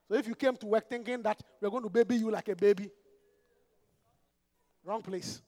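A man, a pastor preaching an emphatic, animated sermon full of rhetorical questions. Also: high voice, normal speed, pauses often, in a large hall.

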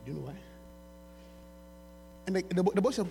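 A man, preaching a sermon by retelling a story, going from quiet asides to shouting. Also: high voice, quick pace, long pauses. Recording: reverberant hall with mains hum.

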